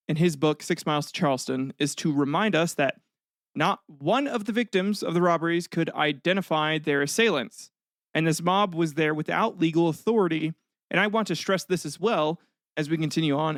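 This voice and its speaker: A male podcast host narrating history in a loose, joking way that turns blunt and profane. His voice sits a bit high for a man. It sounds close-miked and dry, with no room around it. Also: dry recording. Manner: jokey and blunt, swears freely; frequent fillers and throat clearing.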